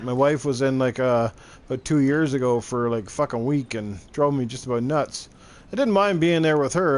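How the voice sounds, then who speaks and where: A middle-aged man chatting casually while streaming a game, rambling and swearing freely. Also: mid-range voice. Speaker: gaming streamer. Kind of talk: casual chat while gaming.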